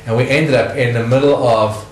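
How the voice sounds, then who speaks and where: A middle-aged South African man telling stories in a casual interview, animated and laughing often. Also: mid-range voice, brisk, roomy sound, low-quality recording.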